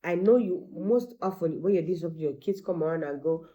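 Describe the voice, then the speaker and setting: A middle-aged woman, a teacher and mother, giving animated parenting advice and acting out bits of dialogue. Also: fairly low pitch, brisk. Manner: animated, acts out quoted dialogue.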